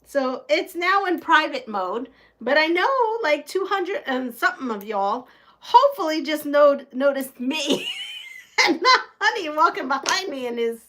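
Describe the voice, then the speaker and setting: A woman's voice: high-pitched, big pitch swings, normal speed, pushed and bright. A middle-aged woman hosting a quilting live stream, chatting casually with viewers and often laughing. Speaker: quilting channel host. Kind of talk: casual live-stream chat while sewing. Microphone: home live-stream setup.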